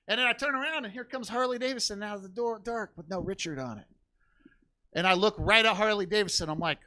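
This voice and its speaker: A man's voice: high voice, fairly quick, fairly bright tone, dry recording. A young man doing stand-up on a comedy theater stage, telling a rambling, profane story with lots of energy.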